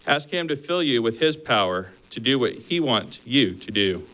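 A man's voice: mid-range voice, very animated, normal speed, sharp tone, low-quality recording. A male preacher delivering a sermon with earnest exhortations, working through numbered points and then telling a story.

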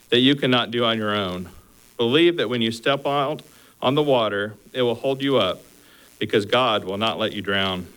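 A man's voice: medium pitch, a bit bright, clear, resonant tone, poor audio. A male preacher delivering a sermon with earnest exhortations, working through numbered points and then telling a story.

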